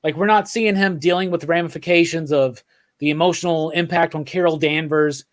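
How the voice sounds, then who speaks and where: A man with a fairly high voice talks comics in an eager, rambling way. He often starts over and keeps checking in with the others. It is a loose, casual chat over a couple of beers. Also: fairly even intonation, brisk. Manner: enthusiastic, rambling with restarts and frequent "right?". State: drinking beer while talking. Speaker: podcast co-host.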